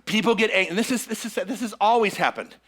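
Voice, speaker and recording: Male minister, middle-aged, sermon to a congregation, call-and-response, bright tense tone. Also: sits high, fast. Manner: engages the congregation with frequent check-ins and call-and-response. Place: church sanctuary with a live congregation.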